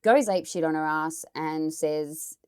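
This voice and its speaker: A woman's voice: low voice, a little slow, darkish tone, clean tone. Blunt, chatty Australian woman. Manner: chatty, blunt, swears and editorialises. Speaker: true crime storyteller. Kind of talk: casual true crime storytelling.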